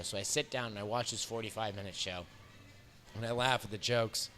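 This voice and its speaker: A man in his thirties with an American accent, a comedian telling a profane road story in an animated way, laughing often as he talks. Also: lowish voice, fairly quick. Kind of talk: storytelling interview. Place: bar.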